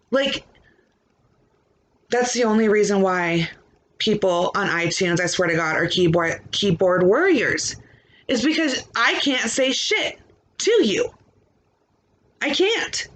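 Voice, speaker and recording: A woman's voice: sits high, fairly bright tone. A young adult woman podcast host ranting into her microphone, blunt, defiant and full of swearing. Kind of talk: ranting monologue.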